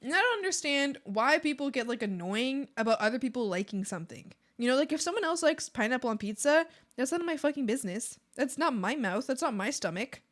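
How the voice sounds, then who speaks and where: A woman's voice: high voice, animated, fairly quick, hardly any pauses, a bit bright. A woman streamer chatting casually while drawing, reading chat and often laughing and joking. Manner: bubbly, laughs a lot, swears playfully. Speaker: art streamer.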